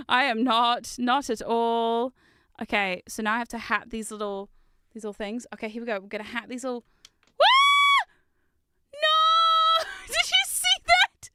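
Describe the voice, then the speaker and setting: A woman streaming from her desk in casual chat, giggly and chatty with loud squealing exclamations, on a close microphone. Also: fairly high pitch, normal speed, clear, resonant tone. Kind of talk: casual chat while building.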